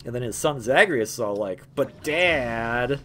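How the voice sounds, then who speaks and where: A man's voice: medium pitch, lively intonation, fairly quick. A young man hosting a gameplay video, rambling in a jokey way with lots of stammers and restarts. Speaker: gaming video host. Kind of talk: casual gameplay commentary.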